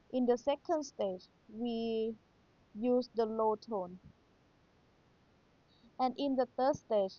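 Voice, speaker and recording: A woman's voice: a little high, warm tone. A woman teacher with a Thai accent, patiently reviewing material for an exam and repeating key points. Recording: dull lo-fi sound.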